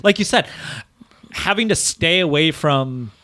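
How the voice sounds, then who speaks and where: An animated man co-hosting a podcast, with a voice that swings up and down a great deal. He talks casually, swears freely and acts out scenes in silly voices. His voice sounds close and dry, with no room around it. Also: on the high side, unhurried, no room sound. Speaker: podcast co-host.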